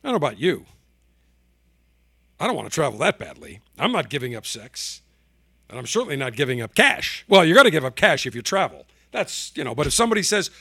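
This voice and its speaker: A combative talk radio host, a man who mocks and needles as he talks. His voice is a little high and swings widely in pitch. The sound is dry and close, with no room around it. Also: big pitch swings, fairly quick, gravelly, bright, forceful tone, breathy edge, no echo. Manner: combative, sarcastic, mocking. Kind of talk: opinionated talk radio monologue.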